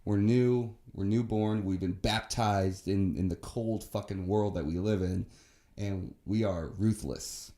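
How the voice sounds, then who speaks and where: A man's voice: lowish voice, fairly even intonation, measured pace, dark tone. A young man co-hosting a podcast in casual chat, ranting heatedly and swearing a lot. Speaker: podcast co-host.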